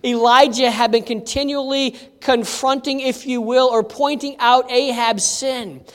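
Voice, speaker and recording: A middle-aged pastor preaching a sermon in a church, telling a personal story in a relaxed, conversational way with fillers, restarts and rhetorical questions to the congregation. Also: high-pitched, unhurried. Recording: long hall reverb.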